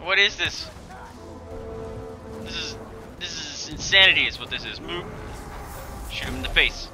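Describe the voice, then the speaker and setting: A man streaming a video game, giving excitable commentary and yelling and groaning at what happens on screen. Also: on the high side, measured pace, music in the background. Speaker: gaming streamer. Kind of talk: live gameplay commentary.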